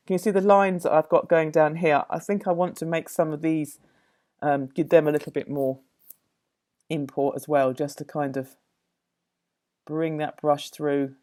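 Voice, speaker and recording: A woman demonstrating a watercolour painting, musing aloud as she works, with many pauses and self-corrections. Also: low-pitched, mellow. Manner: thoughtful, musing, full of fillers and self-corrections. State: slightly out of breath at times. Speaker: art teacher.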